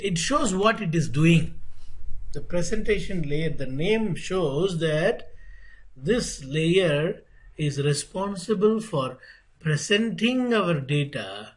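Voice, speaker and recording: A networking instructor lectures over a laptop call. His voice sits a little high and a bit husky. He talks slowly and deliberately, repeating his points and asking rhetorical questions. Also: rough recording. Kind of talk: online technical lecture.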